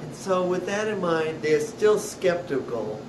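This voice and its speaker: A man who owns a deli, telling funny stories about his customers in an animated way. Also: a little high, a little slow, distant mic. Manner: animated storyteller acting out customers. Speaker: deli owner. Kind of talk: storytelling. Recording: roomy echo with clear noise.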